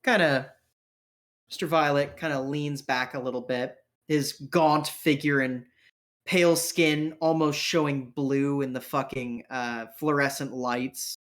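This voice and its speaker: A man's voice: mid-range voice, steady tone, a little slow, fairly bright tone. A man narrating a tabletop role-playing game as game master, in a casual, vivid way. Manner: casual, vivid, with fillers and restarts.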